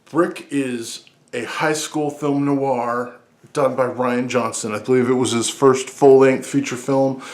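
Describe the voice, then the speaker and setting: A man hosting a casual movie podcast, talking excitedly and rambling with frequent restarts as he counts down his favorite films. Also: mid-range voice. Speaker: podcast host. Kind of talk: casual movie-list talk.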